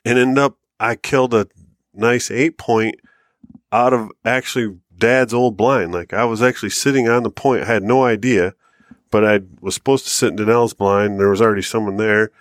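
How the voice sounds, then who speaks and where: A man co-hosting a hunting podcast, telling long stories in a loose, animated way and swearing freely. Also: lowish voice, moderate pace, no room sound, studio quality. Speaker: podcast co-host. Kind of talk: casual storytelling chat.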